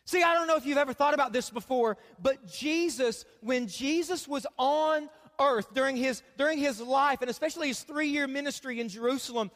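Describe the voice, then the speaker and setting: A man in his thirties preaching a sermon to a church congregation, animated and joking with the crowd between scripture readings. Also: very high voice, moderate pace, few pauses. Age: 30s. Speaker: pastor. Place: church sanctuary. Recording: long hall reverb.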